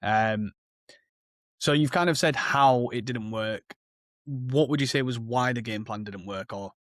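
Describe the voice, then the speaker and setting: A man's voice: medium pitch, a little slow, no echo, studio quality. A man co-hosting a football podcast, chatting in a laid-back, hesitant way. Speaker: podcast co-host. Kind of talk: casual football chat.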